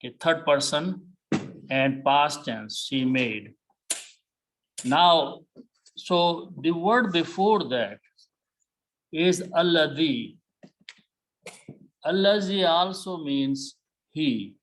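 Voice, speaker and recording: A man teaching a Quran lesson, explaining words step by step, repeating key terms and pausing on "okay". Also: on the high side, expressive, a bit bright, rough recording.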